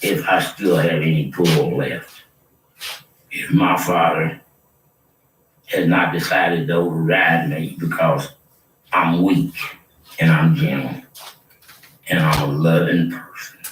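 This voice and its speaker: Older guy, really low slow voice, preachy and threatening, mic far off in an echoey room. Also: steady tone, fairly bright tone. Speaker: self-proclaimed prophet. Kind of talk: rambling monologue to camera. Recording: roomy, distant mic with faint noise.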